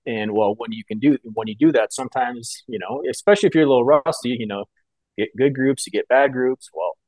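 A man's voice: medium pitch, brisk, a little mellow, dry recording. A man co-hosting a podcast, chatting casually and rambling through a personal story with lots of filler words. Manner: casual, rambling, many fillers like "you know" and "like". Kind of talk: casual chat.

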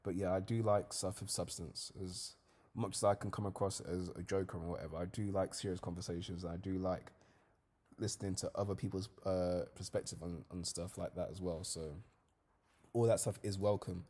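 A man's voice: low voice, brisk. Young man telling stories. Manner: casual slangy storytelling, lively when reliving events. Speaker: podcast host. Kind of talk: solo podcast monologue.

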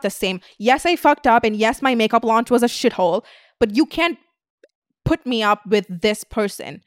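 A woman's voice: fairly high pitch, lively intonation, normal speed, dry recording, clean studio sound, soft background music. A young woman hosting a podcast, ranting bluntly and swearing a lot in casual chat. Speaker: podcast host.

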